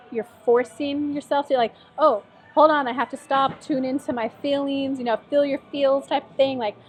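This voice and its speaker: A woman giving a casual tarot reading in a chatty, encouraging way, with lots of "like" and "um". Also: on the high side. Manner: chatty, encouraging, many fillers. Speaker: tarot reader. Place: lives in Tennessee.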